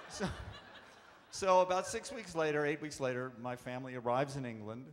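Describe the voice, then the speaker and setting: A man, an actor, telling animated anecdotes at a convention panel, acting out the voices in his stories. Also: fairly high pitch, moderate pace, a little hiss or hum. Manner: warm, animated storyteller acting out quotes. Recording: echoey convention hall.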